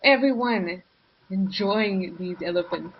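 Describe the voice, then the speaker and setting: A woman's voice: mid-range voice, takes it slowly, slightly rough, highs cut off. A woman hosting a live wildlife cam show, chatting enthusiastically and reading out viewer comments.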